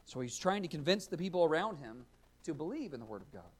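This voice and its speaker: A male pastor preaching a sermon, earnest and explanatory, rising to loud emphatic readings of scripture. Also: a little high, sing-song, fast, breathy edge.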